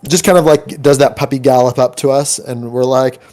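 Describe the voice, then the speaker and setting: A man talking casually with friends before a tabletop game, his voice sitting at an average pitch. He rambles through anecdotes, leaning on likes, ums and restarts. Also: steady tone, brisk, mellow. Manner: rambling storyteller, many likes and ums, acts out quoted voices.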